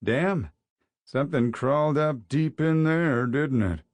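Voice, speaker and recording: A man's voice: a little high, slow, dry recording, voice pushed up. A man voicing a wisecracking, teasing male teacher in an audiobook, with a mocking, joking delivery. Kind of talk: audiobook character voice.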